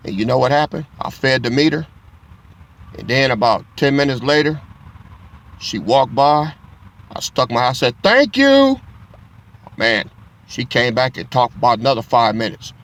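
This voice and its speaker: A man's voice: medium pitch, moderate pace, long pauses, a bit bright. A middle-aged man teaching from the Bible in a casual, profane storytelling style, laughing as he goes.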